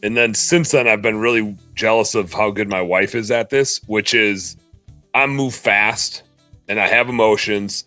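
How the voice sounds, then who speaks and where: A man co-hosting a podcast, talking candidly and at length, often quoting people in lively voices. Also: lowish voice, no room sound. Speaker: podcast co-host. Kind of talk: casual podcast chat.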